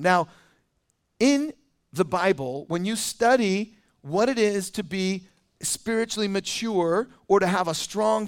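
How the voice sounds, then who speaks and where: A man preaching a sermon as teaching pastor in a conversational, animated way with quick asides. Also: high voice, clear, resonant tone. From United States.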